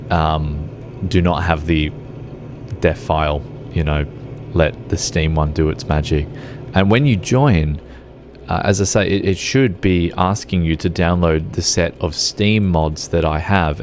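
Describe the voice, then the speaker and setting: A man's voice: sits low, darkish tone, slight background noise. A man with an Australian accent chatting casually with his live-stream audience while gaming, rambling with lots of filler words. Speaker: game streamer.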